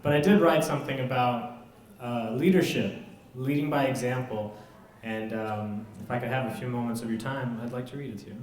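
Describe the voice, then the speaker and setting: A young man from Southern California doing deadpan, self-deprecating stand-up comedy at a college student center, with filler pauses. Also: mid-range voice. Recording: echoey room.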